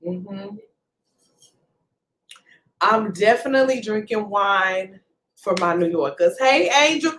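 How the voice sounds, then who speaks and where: A woman's voice: medium pitch, expressive, slow pace, pauses often, a bit bright, a little hiss or hum, poor audio. A woman from Texas with a Texan accent hosting a casual livestream from home, chatting and greeting viewers by name with playful slang. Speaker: livestream host.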